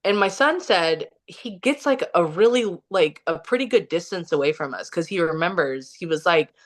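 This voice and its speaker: Chatty woman telling a story, lowish voice. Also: expressive, moderate pace. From Kansas City, Missouri, USA. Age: young adult or middle-aged, has a son. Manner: chatty, heavy use of "like", acts out quotes. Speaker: podcast guest. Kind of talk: casual storytelling.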